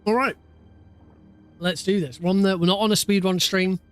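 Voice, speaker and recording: A man's voice: sits high, fairly even intonation, normal speed, clean tone, soft background music. A man chatting casually on a live stream. He rambles, with many fillers and restarts.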